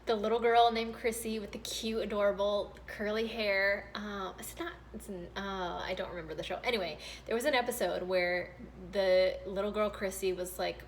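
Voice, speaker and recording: A woman in her thirties hosting a podcast, telling a funny story in a casual, animated way and often jumping into high, excited quoted voices. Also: normal speed, few pauses, a little hiss or hum. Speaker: podcast host.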